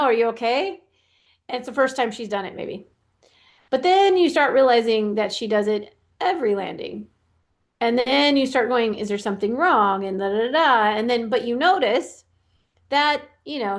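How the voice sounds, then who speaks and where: A woman coach giving casual advice about young athletes. She talks in a chatty, loose way, full of "like" and "you know", and often acts out the kids she describes. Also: a little high. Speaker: youth sports performance coach. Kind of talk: casual advice talk, answering a question.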